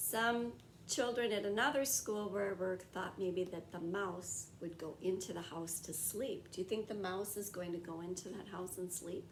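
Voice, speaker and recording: A woman teacher reading a picture book aloud to young children in a slow, sing-song way, stretching and repeating rhyming words. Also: mid-range voice, roomy sound, a little hiss or hum.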